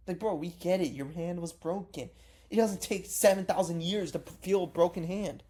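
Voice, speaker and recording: A man talks through a casual reaction vlog, rambling, swearing freely and correcting himself as he goes. His voice sits a bit high yet sounds soft and mellow. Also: moderate pace. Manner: rambling, profane, self-correcting. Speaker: MMA reaction vlogger.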